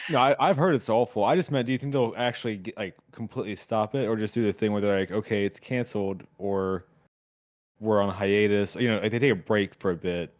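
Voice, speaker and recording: American man, low voice, laid-back podcast chatter, hesitant questions. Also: fairly quick. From United States. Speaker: podcast co-host. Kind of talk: casual chat.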